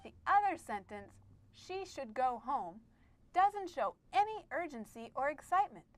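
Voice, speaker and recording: A woman's voice: high voice, big pitch swings, measured pace, background noise. Erica Exclamation, a bubbly exclamation-mark pal played by a woman. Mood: excited. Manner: eager, cheerful, exclaiming. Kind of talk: children's educational puppet skit.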